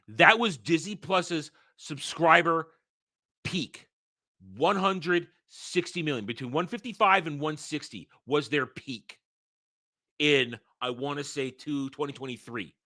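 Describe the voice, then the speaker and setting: Slow and sharp-toned, a man with a high-leaning voice hosts a reaction rant, reading an article and ripping it apart. He's heated and profane, repeats his rebuttals, and has hiccups.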